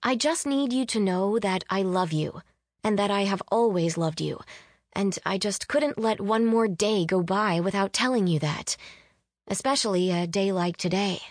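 A woman voicing a flustered, bold young female messenger, high and excited, in an audiobook. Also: moderate pace, no room sound, clean studio sound, natural voice. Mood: delivering.

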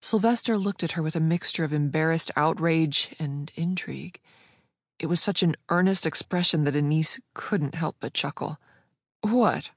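An audiobook narrator reading a story in scripted narration with a steady, even delivery. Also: mid-range voice, normal speed, no echo, clean studio sound.

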